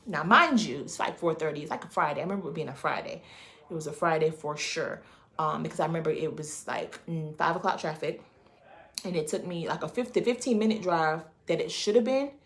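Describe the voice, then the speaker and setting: A woman with a low, gravelly voice and a lot of creak tells a personal story straight to her viewers. She is animated and emphatic, leaning hard into every beat of the tale. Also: a little fast. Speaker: vlogger. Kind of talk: casual storytime.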